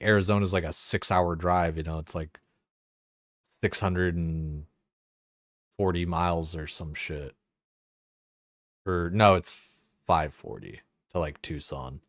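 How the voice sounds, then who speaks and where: A man's voice: deep voice, a bit bright, no room sound, clean studio sound. A young adult man streaming a game, chatting casually and rambling with lots of swearing and filler words. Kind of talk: casual chat while gaming.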